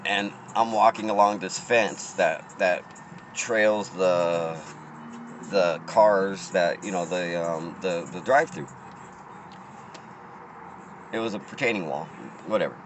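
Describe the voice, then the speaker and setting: A man's voice: sits low, takes it slowly, long pauses, noisy background. A man telling a rambling, profane story in casual talk, often restarting his sentences.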